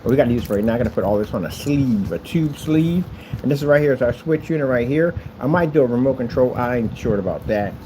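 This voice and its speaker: Talkative guy showing off his pc wiring, voice jumps around a lot, kinda mellow tone. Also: mid-range voice, expressive, fast talker, a little hiss or hum, rough recording. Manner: chatty and boastful, with playful asides. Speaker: maker showing a custom PC build. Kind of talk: casual tutorial vlog.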